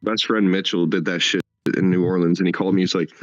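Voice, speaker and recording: A man's voice: low voice, quick pace, no echo. Brief: crude, joking guy with plenty of swearing, muffled lo-fi mic, dry room. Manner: animated storyteller. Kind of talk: casual podcast chat.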